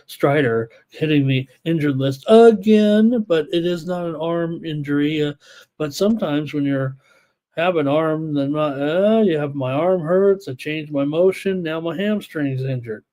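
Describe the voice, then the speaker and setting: A man's a-little-high, darkish voice carries a live sports betting show. He gives a rapid stats and odds rundown, reads chat picks out loud, and sprinkles in relaxed asides.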